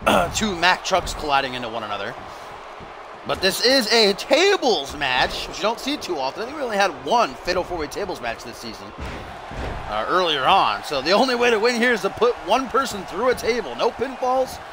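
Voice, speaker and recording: A man's voice: sits high, background noise. A man streaming live, doing playful mock-broadcast play-by-play commentary on a wrestling video game, with the odd swear.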